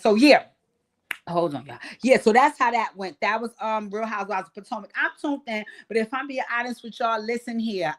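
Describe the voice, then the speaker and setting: A woman's voice: a little high, fairly quick. A woman in her forties giving a casual, sassy and blunt recap of reality TV as a channel host, cursing freely and addressing her viewers directly. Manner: sassy, blunt, profane, animated asides.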